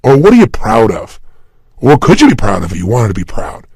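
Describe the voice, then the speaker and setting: A middle-aged man delivering a motivational talk, husky and slightly raised in pitch, his intonation swinging widely as he presses each point home. He speaks emphatically and directly to the listener, standing at a studio microphone, and the sound is close and dry with no room echo. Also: wildly swooping pitch, a little fast, a little mellow. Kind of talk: motivational talk for an audio program. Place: recording room, unscripted and standing.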